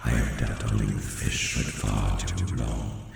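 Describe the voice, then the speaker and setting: A man voicing a scheming cursed male statue spirit in a slow, low, half-whispered drawl. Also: expressive, gravelly, very echoey, long reverb tail, recorded from a distance, noisy background, heavily acted. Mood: ominous.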